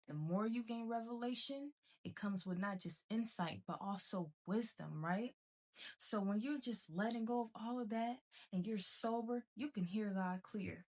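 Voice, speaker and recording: Woman, motivational spiritual talk, emphatic, repetitive, slangy, preachy. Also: mid-range voice. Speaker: spiritual self-help speaker. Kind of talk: motivational monologue.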